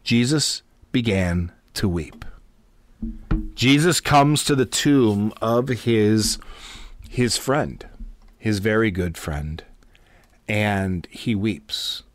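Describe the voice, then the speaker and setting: A man's voice: lowish voice, animated, very slow, long pauses. A man, a pastor, teaching a Bible study in an earnest, conversational way, with many fillers and repeated words.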